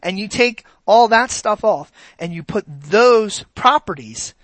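A preacher giving a sermon, animated and asking the congregation rhetorical questions. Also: medium pitch, slow pace, no echo, low-quality recording.

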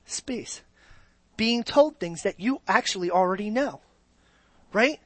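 A woman with a fairly high voice delivers a sermon in a loose, conversational way, pausing over and over to ask whether her listeners follow. The sound is dry and close, with almost no room around it. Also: no room sound. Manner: conversational, keeps checking in with the audience. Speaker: preacher.

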